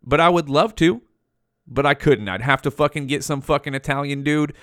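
A man's voice: fairly high pitch, moderate pace, fairly bright tone, dry recording. Profane rambling man, dry close sound. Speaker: podcast host. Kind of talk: rambling casual monologue.

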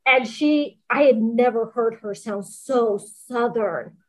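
A woman author chatting as a guest in an interview, telling lively stories and acting out what people said. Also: a little high, takes it slowly. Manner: lively storyteller, quotes people in funny voices. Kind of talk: casual interview chat.

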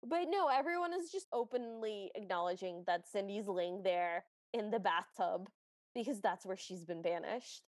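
A woman's voice: mid-range voice, lively intonation, normal speed, dry recording. A woman co-hosting a podcast, chatting casually as she retells a film's scenes with dry asides. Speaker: podcast co-host. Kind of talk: casual chat recapping a film.

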